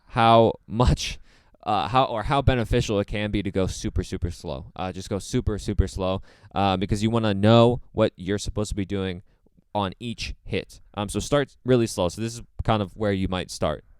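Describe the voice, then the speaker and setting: A man teaching drums, explaining a practice method step by step in a relaxed way, with many fillers. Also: fairly low pitch, normal speed, clean tone, no room sound. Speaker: drum teacher. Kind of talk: casual instructional talk.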